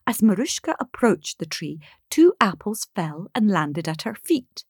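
A woman storyteller reading a fairy tale aloud, measured and expressive. She takes an unhurried pace. The recording is close and dry. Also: medium pitch, breathy edge, no room sound.

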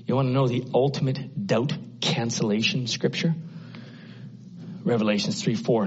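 A man preaching an impassioned sermon, often climbing into high exclamations. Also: steady tone, normal speed, breathy edge, muffled recording.

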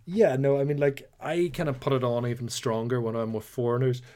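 A young man with a Northern Irish accent, co-hosting a podcast in a chatty, animated way. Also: medium pitch, fairly quick. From Northern Ireland. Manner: chatty, animated storytelling with playful put-on voices. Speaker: podcast co-host. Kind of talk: casual chat.

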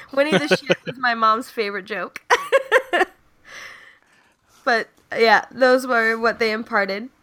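A young woman's comedy podcast features her telling jokes casually, laughing often and leaning on fillers. She talks slowly with long pauses, and her somewhat high voice sounds a bit bright.

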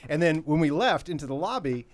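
A man co-hosting a movie panel show, riffing excitedly in casual chat. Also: a little high, a little fast. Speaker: co-host.

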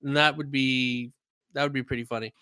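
A man's voice: medium pitch, little pitch movement, a little fast, sharp tone, clean tone, no room sound. A man co-hosting a gaming podcast, teasing his co-hosts and laughing often, then reading the show's intro. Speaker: podcast co-host. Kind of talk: casual gaming podcast chat.

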